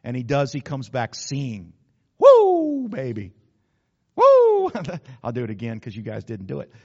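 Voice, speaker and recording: A man's voice: mid-range voice, brisk, gravelly, a little mellow, breathy edge, dull audio. A man preaching a sermon as pastor, conversational and emphatic, with sudden exclamations.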